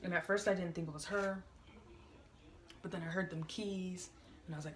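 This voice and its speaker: A woman's voice: fairly low pitch, fairly even intonation, moderate pace, long pauses, noisy background. A young woman telling a work story to her camera in a chatty, exasperated way, full of fillers. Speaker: vlogger. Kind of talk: casual storytime vlog.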